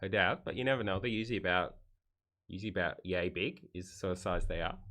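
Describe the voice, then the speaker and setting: A man's voice: low-pitched, quick pace, pushed and bright. An Australian man streaming casual commentary on memes, wry and rambling with joking asides.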